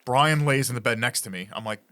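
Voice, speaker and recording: A man's voice: mid-range voice, brisk, no room sound. A man on a podcast telling a funny story in casual chat, laughing as he goes. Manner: animated, laughs through his story. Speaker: podcast co-host.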